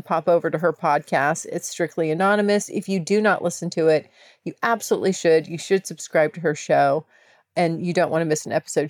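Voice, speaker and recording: A woman's voice: lowish voice, darkish tone, no room sound. Candid woman podcast host, dry close sound. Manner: chatty and candid, with laughs and swearing. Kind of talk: casual solo podcast monologue.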